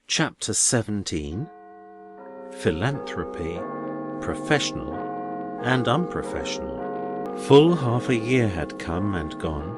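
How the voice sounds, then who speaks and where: A man narrating an audiobook in a measured, deliberate way. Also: on the low side, sing-song, breathy edge.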